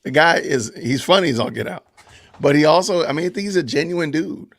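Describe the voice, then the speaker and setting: Gravelly-voiced man chatting on a live stream. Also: on the high side, a little fast. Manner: animated, laughs often, reads viewer comments aloud. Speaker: podcast host reading live chat. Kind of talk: casual live-stream commentary.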